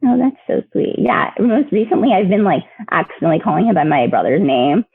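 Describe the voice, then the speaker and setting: A woman guest sharing personal stories in a lively, chatty way, with many fillers and laughs, heard over a remote call. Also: lowish voice, brisk, vocal fry, slightly rough, dry recording. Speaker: podcast guest. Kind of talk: emotional storytelling. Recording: tinny phone line.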